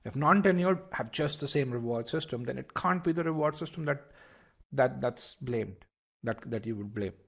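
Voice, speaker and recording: A man's voice: mid-range voice, moderate pace, gravelly, fairly bright tone. A man teaching a live online test-prep lesson, explaining step by step, often repeating words and asking the class to check they follow.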